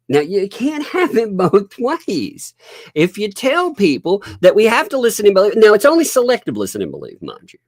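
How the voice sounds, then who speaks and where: A man's voice: high-pitched, no room sound, clean studio sound. A man hosting a live-stream commentary, sarcastic and laughing often as he chats while working on his screen. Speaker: host.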